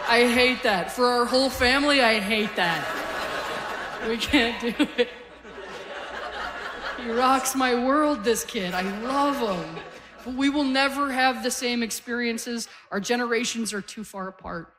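A woman's voice: on the high side, measured pace, pauses often. A woman in her forties from Canada doing a stand-up set on a club stage, chatty and self-deprecating, often laughing through her punchlines. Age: 40s. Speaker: stand-up comedian.

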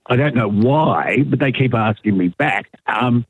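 A man's voice: mid-range voice, expressive, unhurried, husky, no echo. A middle-aged Australian man, a radio guest, telling stories in casual chat with lots of fillers and restarts. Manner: chatty storyteller, many fillers and restarts. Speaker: guest, radio broadcaster and podcaster. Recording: dry tinny phone line.

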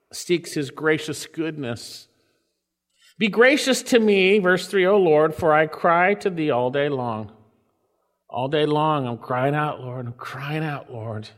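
A man preaching a sermon, reading scripture slowly and swinging his voice up and down for emphasis. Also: long reverb tail. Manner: preaching with sweeping pitch swings and drawn-out scripture lines. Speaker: pastor.

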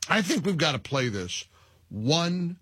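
A middle-aged man hosting a talk radio show, mocking and animated, laughing at his own jokes. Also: on the high side, a little slow, slightly rough, dry recording, clean studio sound. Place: radio studio.

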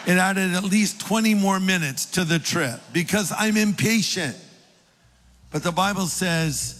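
A man's voice: high-pitched, a little slow, a bit bright, faint music behind. An older man and pastor preaching a sermon, telling stories with folksy, self-deprecating humor. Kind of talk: sermon with storytelling. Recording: long hall reverb.

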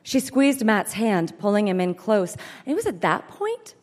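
A woman performing a comic story reading live, in a brisk, deadpan manner, heard in an echoey hall. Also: mid-range voice. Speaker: comedic storyteller.

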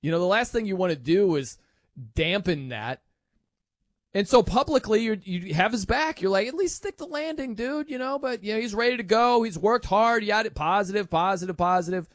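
High-voiced chatty sports radio host man. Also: a little fast, dry recording. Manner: chatty, animated, laughs often. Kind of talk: casual sports talk radio.

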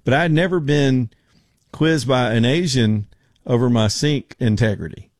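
A man's voice: medium pitch, normal speed, dry recording. Brief: man, radio host, rambling folksy talk, dry studio sound.

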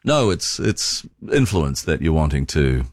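A man's voice: a bass voice, big pitch swings, a little slow, dry recording, studio quality. A man hosting a talk radio show, chatting casually and often stumbling over and repeating his words.

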